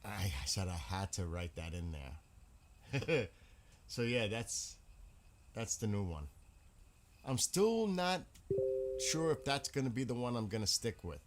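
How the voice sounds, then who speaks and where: Male streamer, low voice, casual rambling chat to viewers. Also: very animated, takes it slowly, pauses often, slight background noise. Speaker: live streamer.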